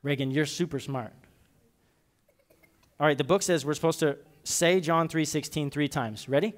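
A man's voice: a little high, normal speed. A man giving a children's message in church, reading a story and leading the kids in call-and-response. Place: church sanctuary.

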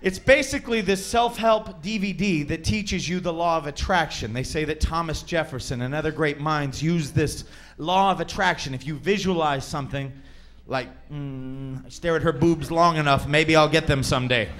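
A man's voice: fairly high pitch, normal speed, few pauses, a bit bright. Brash man doing stand-up. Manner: brash, crude, teasing the audience. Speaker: stand-up comedian. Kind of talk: stand-up comedy set. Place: comedy club stage.

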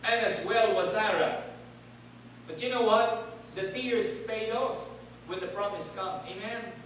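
High-voiced male preacher in an echoey hall. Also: measured pace, a bit bright, far from the mic, slight background noise. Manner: call-and-response, asks congregation to repeat words. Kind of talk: sermon. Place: church hall.

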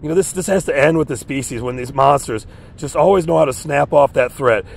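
A man's voice: on the high side, a little fast, gravelly, slightly rough. Agitated rambling man outdoors. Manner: agitated, rambling, repeats himself. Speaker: vlogger. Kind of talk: rambling monologue reading news headlines. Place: outdoors in a park.

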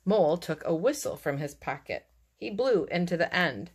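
A woman reading a children's storybook aloud in a lively, expressive way. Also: fairly low pitch, moderate pace, breathy edge. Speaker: narrator.

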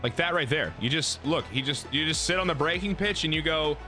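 A man giving live gameplay commentary, excitable and full of profane trash talk. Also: fairly high pitch, brisk, over music. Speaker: gaming YouTuber.

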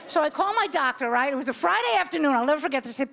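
Brash high-voiced woman in her sixties. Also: very fast, vocal fry, hardly any pauses. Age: 60s. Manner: brash, animated storytelling with acted-out voices. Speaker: stand-up comedian. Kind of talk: stand-up comedy set.

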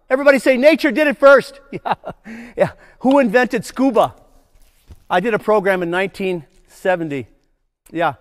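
A high-voiced older man leads a children's nature program, calling out prompts for the crowd to chant back. His delivery is playful and bouncy, and a long hall reverb trails every phrase. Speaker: nature educator.

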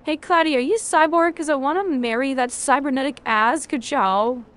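A woman's voice: high-pitched, moderate pace, a bit bright. A woman streaming a video game, chatting casually with her chat, rambling and swearing freely.

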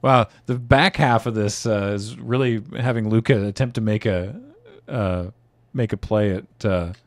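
A man's voice: on the low side, fairly even intonation, a little slow. A man hosting a casual podcast panel, reading out listener suggestions and laughing often.

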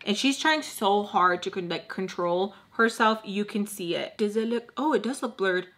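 A young woman tells a heated personal story in a casual, animated way, swearing freely and filling her speech with "like". Her voice is bright and forward, at a middle pitch. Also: a little fast, few pauses. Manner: animated, profane, quoting others with lots of "like". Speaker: vlogger telling a story. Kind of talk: casual storytime while doing makeup.

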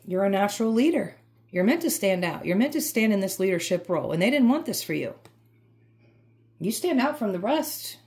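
A woman's voice: fairly high pitch, a little mellow. A woman giving an emphatic, repetitive, fired-up tarot reading. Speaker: tarot reader.

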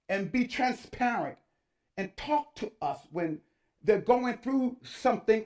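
Older man preaching a fervent sermon. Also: high voice. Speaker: pastor.

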